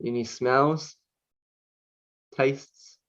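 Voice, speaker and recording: Male coach, guided exercise, unhurried repetitive delivery, mid pitch, muffled audio. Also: steady tone, a bit bright. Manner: slow, repetitive chanting of single words.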